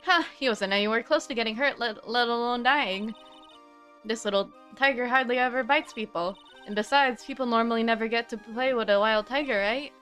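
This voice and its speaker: A woman's voice: on the high side, a little fast, a bit bright, soft background music, close to an everyday voice. A woman voicing a bubbly young female circus animal tamer in a sing-song, childlike, gushing manner. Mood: chirpy.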